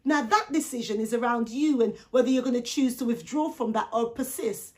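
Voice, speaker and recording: High-voiced woman preaching as a life coach. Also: a little fast. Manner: animated, acts out voices of people in the story; addresses the viewer directly with rhetorical questions. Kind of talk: faith-based coaching talk.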